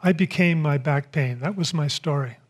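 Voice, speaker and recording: Reflective man telling a spiritual story. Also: a little high. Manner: reflective, unhurried, storytelling with pauses. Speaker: speaker. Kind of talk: spiritual talk with personal story.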